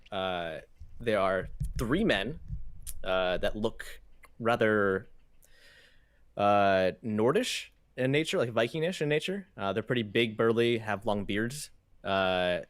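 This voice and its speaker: Low-voiced halting game master, man. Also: no echo. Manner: halting, heavy with fillers. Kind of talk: narrating a tabletop game.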